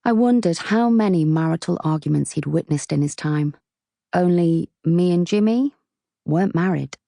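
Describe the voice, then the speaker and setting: A woman's voice: fairly low pitch, moderate pace, vocal fry, warm tone, no echo, studio quality. A woman narrating a novel aloud in the first person, with a cheeky, wry storytelling manner. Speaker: audiobook narrator.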